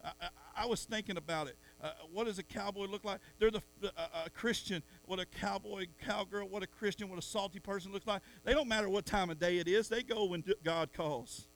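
A middle-aged man preaching a sermon in church, swinging from soft asides to loud calls at the congregation. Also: high voice, a little fast, few pauses, a little hiss or hum. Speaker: pastor.

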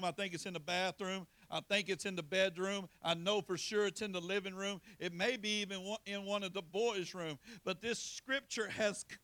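A man preaching a sermon, pleading and impassioned, with sudden loud swells. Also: high-pitched, gravelly, dry recording.

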